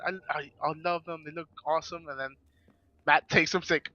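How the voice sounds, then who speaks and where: A man's voice: on the high side, fairly even intonation, quick pace, sharp tone, no echo, highs cut off. A man chatting casually as a podcast guest, telling a rambling story and acting out quoted lines. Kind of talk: casual chat.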